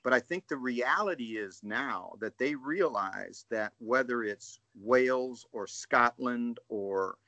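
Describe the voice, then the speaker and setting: A man, a guest coach on a casual podcast call, telling animated stories and often asking "right?". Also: mid-range voice, slow pace, few pauses, no echo. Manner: storytelling, animated, says "dude" and "right?".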